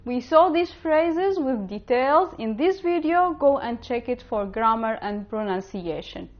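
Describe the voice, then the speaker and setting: Woman, online language lesson, fairly high voice, slightly dull lo-fi sound. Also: lively intonation. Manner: slow, careful spelling-out of words. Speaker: Arabic teacher.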